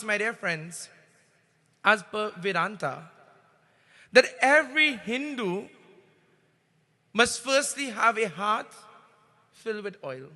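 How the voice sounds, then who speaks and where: A Trinidadian man preaches with a high voice that pushes up and grows loud on the lines he stresses. His tone is very bright and forceful. He sounds like a pundit giving a devotional talk. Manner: emphatic, swells louder on key phrases. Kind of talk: devotional sermon with storytelling.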